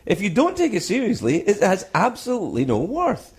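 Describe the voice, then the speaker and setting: A man's voice: high-pitched, brisk, husky. A middle-aged Scottish man hosting a casual radio talk show, joking and swearing freely. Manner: animated, profane, joking. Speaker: radio host.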